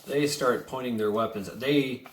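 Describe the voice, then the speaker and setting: A man's voice: medium pitch, a little slow, slight background noise. A man ranting in a casual monologue, swearing freely, repeating words as he stammers, and adding sarcastic chuckling asides. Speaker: vlogger. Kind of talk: profane casual monologue rant. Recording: echoey room.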